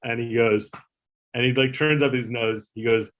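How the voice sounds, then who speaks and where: Animated man telling a backstage story. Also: medium pitch, moderate pace. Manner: animated storyteller, acts out quoted voices, frequent fillers and swearing. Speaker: former talk show producer. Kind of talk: casual storytelling interview.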